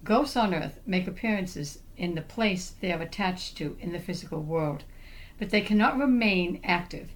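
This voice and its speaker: A woman co-hosting a podcast, calmly reading out a prepared explanation in a measured way. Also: on the low side, poor audio. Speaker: podcast co-host.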